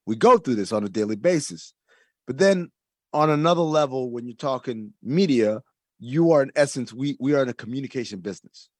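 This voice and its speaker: A man's voice: medium pitch, expressive, brisk, dry recording, studio quality. A man in casual conversation, explaining his views earnestly and making his point through comparisons. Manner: earnest, explanatory, uses analogies.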